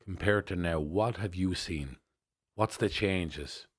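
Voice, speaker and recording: Deep-voiced podcast host, dry sound. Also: male voice, slow, breathy edge, no room sound. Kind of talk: interview questions.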